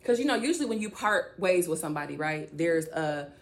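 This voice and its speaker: A woman's voice: sits low, lively intonation, a little fast, gravelly. A woman speaking casually to her viewers about faith, rambling and addressing them directly. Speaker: faith vlogger. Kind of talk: casual faith-based talk to camera.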